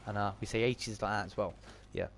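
A man's voice: on the low side, fairly even intonation, brisk, gravelly. A man with a Bristolian accent giving chatty live-stream commentary while he plays and answers his chat. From Bristol, England. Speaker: game streamer.

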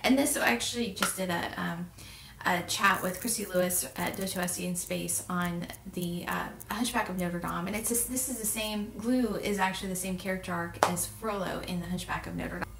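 A woman's voice: lowish voice, normal speed, gravelly, noisy background. Woman discussing a book in an echoey room. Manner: conversational, with fillers and restarts. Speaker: book reviewer. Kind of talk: casual book commentary with read-aloud passages. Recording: roomy echo, distant mic.

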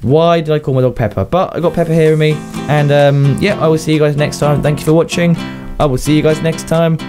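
Over music, a young man with a fairly high, steady voice gives laid-back commentary a little quickly as he plays a game for YouTube. He talks to his pets, laughs often, and coughs, seeming slightly unwell.

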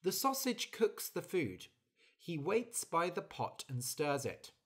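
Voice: medium pitch, very animated, slow pace, breathy edge, voice pushed up, heavily acted. A storyteller voicing a tired, hard-working female bird who complains about doing too much work. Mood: explaining. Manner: indignant, complaining.

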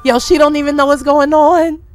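A young woman casually commenting on her gameplay for viewers, excitable and quick to exclaim, with a lot of casual slang. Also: high-pitched, soft background music, a faint crowd. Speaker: game streamer.

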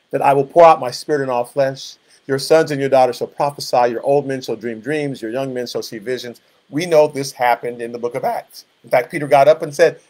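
A man leading a Bible study, reading scripture aloud and breaking it down with casual, conversational asides. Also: on the high side. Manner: reads scripture then explains it in casual asides. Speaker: pastor.

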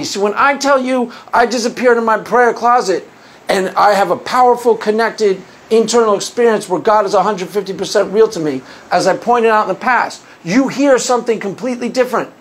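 A man's voice: high voice, a little fast. A man hosting his own video as a Christian apologist, arguing his case in a sarcastic, combative monologue with frequent restarts. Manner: argumentative, sarcastic, mocks opponents' views; repeats and restarts phrases. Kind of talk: opinionated monologue to camera.

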